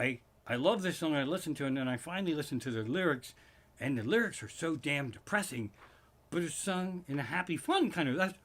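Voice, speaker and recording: Bright-voiced man riffing on a live stream. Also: medium pitch. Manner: rambling, swearing, restarts and asides. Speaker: stand-up comic streaming live. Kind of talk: casual profane comedy monologue. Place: living room. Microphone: live stream microphone.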